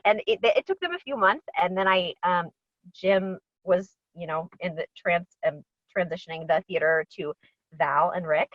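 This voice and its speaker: A woman's voice: on the low side, normal speed, no echo. A woman, an actress, chatting in an interview over a video call, bubbly and full of ums and laughs. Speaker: actress guest. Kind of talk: casual interview chat. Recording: dull, dry lo-fi audio.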